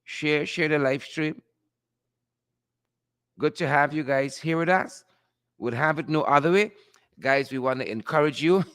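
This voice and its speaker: A man's voice: a little high, a little slow, long pauses, a bit bright, clean tone. A man hosting a live-stream call-in show, playful and chuckling, who keeps repeating his catchphrases. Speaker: host.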